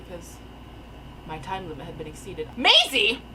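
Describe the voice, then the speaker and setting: A young woman telling a rambling, animated story in casual storytime style from her attic room. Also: lowish voice, moderate pace, very noisy. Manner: rambling, animated, filler-heavy. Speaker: storyteller vlogger. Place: attic bedroom. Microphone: camera mic.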